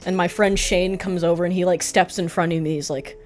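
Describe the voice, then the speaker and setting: A young woman streamer telling a story casually, rambling with frequent swearing and quick asides. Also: fairly low pitch, fairly even intonation, darkish tone, soft background music.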